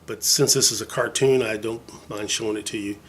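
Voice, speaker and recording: A man's voice: on the low side, fairly even intonation, a little fast, a bit bright, a little hiss or hum. A man casually showing off his record collection in a vlog, enthusiastic and rambling, full of fillers and jokey asides. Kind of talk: casual show-and-tell vlog.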